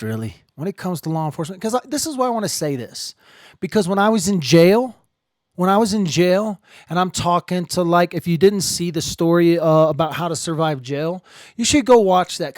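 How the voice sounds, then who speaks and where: A man hosting a casual live stream, rambling and joking, swinging between low muttering and loud outbursts. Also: no echo, clean studio sound. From Ireland.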